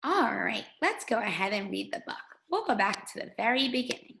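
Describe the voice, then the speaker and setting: Woman reading teacher, patient sing-song delivery, gravelly edge to a high-ish voice. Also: very animated, fairly quick, fairly bright tone, a little hiss or hum, poor audio. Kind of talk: guided reading lesson for young children.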